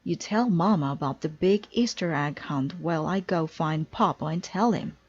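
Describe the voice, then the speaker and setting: A woman's voice: sits low, normal speed, a little mellow, highs cut off, a little hiss or hum, close to an everyday voice. A woman voicing an eager young boy bear cub in a read-aloud storybook. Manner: eager, insistent.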